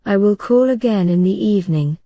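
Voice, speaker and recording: A woman's voice: mid-range voice, lively intonation, brisk, warm tone, no room sound, close to an everyday voice. A woman voicing a fussy boy who plays a pompous doctor, hesitant and mock-solemn.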